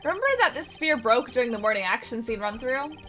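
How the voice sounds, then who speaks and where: A confident young male defense lawyer, read by a woman in her own bright voice. She declaims each point with emphasis and a lively swing in pitch. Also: fast, faint music behind. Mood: triumphant.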